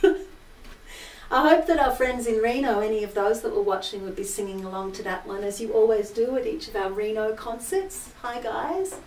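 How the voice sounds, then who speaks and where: A woman's voice: a little high, expressive, moderate pace, darkish tone. Woman chatting from a roomy distance. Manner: rambling storytelling with many fillers. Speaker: singer hosting a live-stream concert. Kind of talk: casual chat between songs. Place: indoor room with an altar. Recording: roomy echo, heard from a distance.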